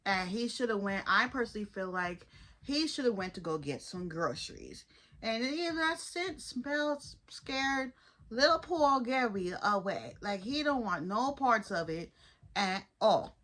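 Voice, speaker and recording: A woman reviewing a cartoon episode in loose, animated chat, calling her viewers "y'all." Her voice is bright and forward and sits a bit above average pitch. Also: a little slow. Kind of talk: casual commentary.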